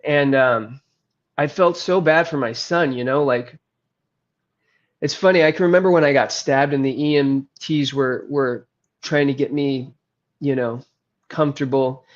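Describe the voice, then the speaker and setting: A man candidly recounting a hard personal story, earnest and halting, with frequent trailing pauses. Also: mid-range voice. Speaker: guest recounting his addiction and recovery. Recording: slightly muffled lo-fi audio.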